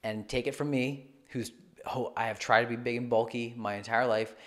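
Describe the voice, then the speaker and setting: Man, fitness coach, podcast co-host, earnest, encouraging, mid-pitched voice. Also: fairly even intonation, moderate pace, fairly bright tone. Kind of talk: casual podcast chat.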